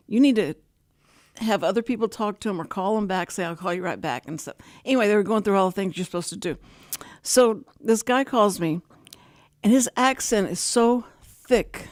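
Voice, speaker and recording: A woman's voice: mid-range voice, moderate pace, no room sound, studio quality. An older woman from Texas hosting a casual radio talk show, telling stories and acting out phone calls. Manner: animated storyteller, acts out phone calls. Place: radio studio.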